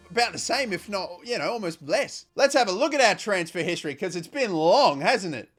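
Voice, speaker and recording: A man commentating his own football video game career in an animated, casual way with mild swearing and sudden shouts. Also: sits high, slight background noise. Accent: Australian. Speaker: gaming YouTuber.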